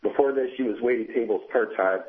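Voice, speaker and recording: A man's voice: mid-range voice, fast talker. A man from the Boston area calling in to a radio show, earnest and fed up. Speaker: radio call-in caller. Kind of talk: call-in talk. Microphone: phone. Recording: tinny phone line.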